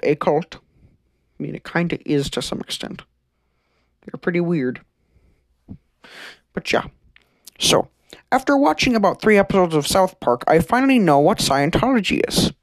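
A man's voice: a little high, dry recording. A man hosting a comedic conspiracy podcast, rambling and stammering in a mock-serious way. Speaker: podcast host.

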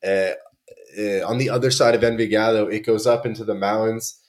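A man's voice: on the low side, flat delivery, brisk. A young man from Canada, a podcast guest telling travel stories in a laid-back, slangy way with many restarts. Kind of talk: casual chat.

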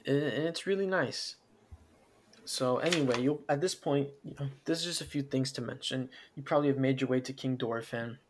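A man's voice: medium pitch, fairly quick, a little hiss or hum. A man hosting a casual chat about a video game, telling it as a rambling story with frequent laughs.

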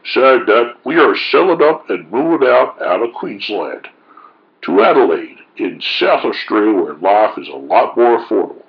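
A man's voice: lowish voice, big pitch swings, normal speed, vocal fry, muffled recording. A man reading forum posts aloud with folksy, mock-indignant sarcastic commentary.

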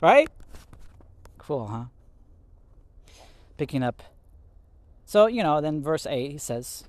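A man giving a casual podcast sermon on scripture, animated and laughing often as he acts out quotes. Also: medium pitch, unhurried, long pauses, no echo. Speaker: podcast Bible teacher.

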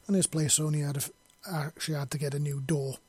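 A man's voice: fairly high pitch, level tone, fast, a little mellow, husky, no echo. A man reading a long fantasy story aloud in an unpolished way, with slips and self-corrections. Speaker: story reader. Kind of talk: reading his own fiction aloud.

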